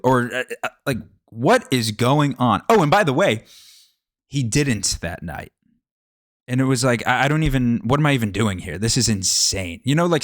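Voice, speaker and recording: A man's voice: medium pitch, no echo. Dry, rambling young man telling stories. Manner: rambling, asks the listener rhetorical questions. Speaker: podcast host. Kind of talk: casual storytelling monologue.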